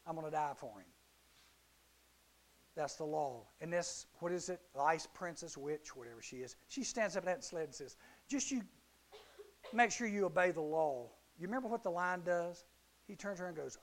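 A man with a high voice delivers a youth sermon. He tells the story animatedly, slipping into different characters and rising to shouts at the peaks. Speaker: youth preacher.

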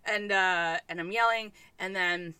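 A woman's voice: lowish voice, fairly even intonation, measured pace, pushed and bright, clean tone, no echo. A woman telling a candid parenting story in casual chat, swearing freely.

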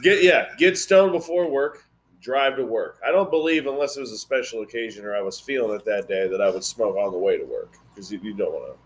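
A man's voice: mid-range voice, a little fast. Blunt, swearing man. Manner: blunt, rambling, swears a lot. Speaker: podcast host. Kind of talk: casual profane podcast chat.

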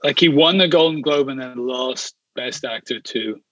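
An eager man chatting on a podcast and recalling things from when he was a kid. His voice is bright and a bit sharp. The call audio is dull and lo-fi. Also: medium pitch, normal speed, no echo. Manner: enthusiastic, tells stories from childhood. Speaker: podcast co-host. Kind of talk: casual chat. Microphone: video call.

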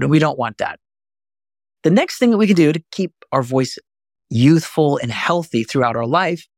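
A man's voice: on the high side, lively intonation, moderate pace, vocal fry, dry recording, studio quality. A man teaching as a voice coach, explaining things earnestly and step by step. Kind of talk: instructional talk to camera.

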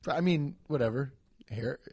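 A man co-hosting a casual comedy chat, riffing and swearing, with sudden loud bursts. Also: medium pitch, unhurried, no room sound, clean studio sound. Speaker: podcast co-host.

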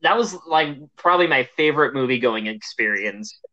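A man co-hosting a podcast, chatting about movies in a halting way with many fillers. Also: mid-range voice, animated, sharp tone, dull audio. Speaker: podcast co-host. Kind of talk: casual movie chat.

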